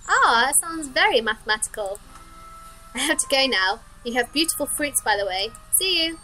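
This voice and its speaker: A woman voicing a polite, curious young girl in a horror game, in a high sweet girlish voice. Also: animated, normal speed, sharp tone, soft background music.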